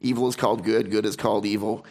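A man's voice: fairly low pitch, flat delivery, quick pace, darkish tone, husky. A man preaching a sermon, reading scripture aloud and explaining it with emphatic repetition and frequent restarts. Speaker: pastor.

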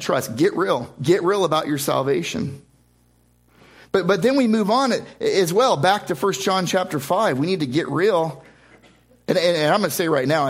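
A man's voice: fairly high pitch, husky. A man preaching a sermon to a congregation as pastor, speaking emphatically and often repeating words and restarting phrases. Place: church service before a congregation.

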